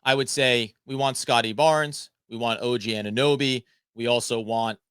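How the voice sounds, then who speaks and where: A man guesting on a sports podcast, talking through ideas in a relaxed, playful way. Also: mid-range voice, normal speed, clear, resonant tone, no echo, studio quality. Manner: relaxed, playful, thinks aloud. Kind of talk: casual sports chat.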